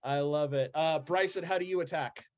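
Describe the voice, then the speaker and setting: A man narrating a tabletop game as game master, relaxed, with frequent ums and laughs. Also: fairly high pitch, normal speed.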